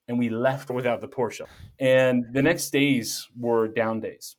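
Middle-aged male guest, lively jokey storyteller, conversational. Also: medium pitch, slow. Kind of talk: casual storytelling.

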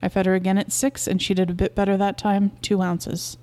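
A woman's voice: mid-range voice, little pitch movement, fairly quick, warm tone, lightly acted. A woman voicing Albert, an eager young husband who coaxes and reassures his wife, in a short story read aloud. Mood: proud. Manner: earnest and coaxing.

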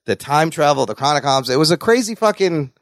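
Guy cohosting a podcast, swears a lot, voice jumps all over, pretty high, dry close mic. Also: a little fast, no echo. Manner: animated, profane, swings between high and low pitch. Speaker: podcast co-host. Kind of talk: casual chat.

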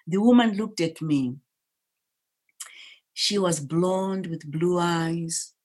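Woman from zimbabwe, low voice, emphatic storytelling. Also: darkish tone. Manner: slow, deliberate, emphatic storytelling. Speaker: speaker telling her life story. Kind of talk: storytelling talk.

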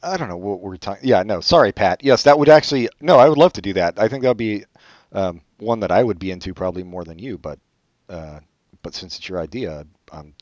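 A man co-hosting a podcast in casual chat, joking in a sarcastic, deadpan way. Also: on the low side, fairly quick, no echo, dull audio. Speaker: podcast co-host.

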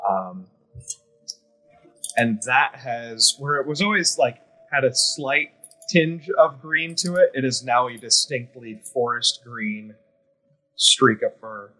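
A man's voice: mid-range voice, animated, takes it slowly, bright, forceful tone, rough recording. A man playing a tabletop role-playing game, describing his character's actions hesitantly and thoughtfully. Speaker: player.

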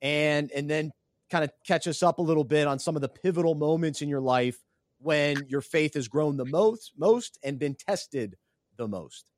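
A man hosting a podcast, asking interview questions in a halting way and repeating words as he goes. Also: on the high side, dry recording, clean studio sound. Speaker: podcast host.

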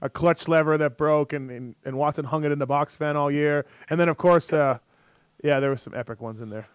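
A man's voice: on the high side, fairly quick, clear, resonant tone, no echo. A man hosting a radio show, joking bluntly in casual chat. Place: radio studio.

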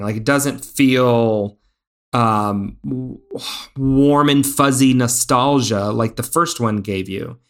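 A man in casual podcast conversation about a movie, talking in a middle-pitched voice. He gets animated, rambles, and keeps restarting his sentences with fillers. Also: creaky. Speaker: podcast co-host. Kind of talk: casual film review chat.

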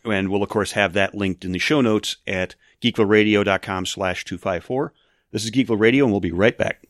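A man in his forties hosting a podcast, relaxed as he leads the chat and introduces segments. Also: on the low side, brisk. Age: 40s. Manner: relaxed, leads the show and runs the breaks. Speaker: podcast host. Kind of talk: casual chat.

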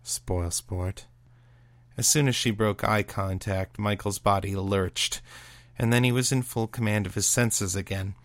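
Low-voiced male story narrator. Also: steady tone, normal speed, no echo. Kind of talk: audiobook reading of a serial story.

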